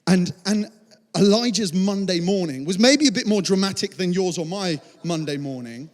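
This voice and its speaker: A young man preaching a sermon to a church, telling a story with animated quoted voices. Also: sits high, normal speed. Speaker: pastor. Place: large church hall. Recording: long church hall reverb.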